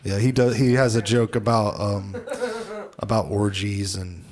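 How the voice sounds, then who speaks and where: A man's voice: lowish voice, level tone, unhurried, a little mellow. A man with an American Midwestern accent, co-hosting a loose, casual chat and swearing freely. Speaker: co-host.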